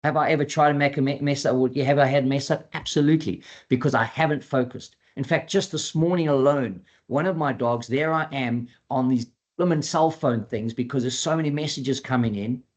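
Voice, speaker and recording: A man's voice: mid-range voice, a little fast, hardly any pauses. Earnest man teaching about dogs. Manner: earnest, repeats key points for emphasis; acts out quoted dialogue in a lively voice. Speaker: dog behavior trainer. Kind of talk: educational webinar talk.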